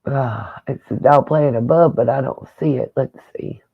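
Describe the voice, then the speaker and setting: A man's voice: mid-range voice, measured pace, vocal fry, husky, dry recording, narrow, tinny audio. A man hosting a casual livestream, talking straight to his viewers in an emotional, rambling way. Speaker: livestream host.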